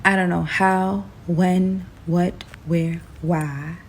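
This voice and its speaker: A young adult woman telling a casual storytime. She is animated and talks in quick bursts, then drops hushed and tense as the story turns scary. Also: fairly low pitch, slight background noise.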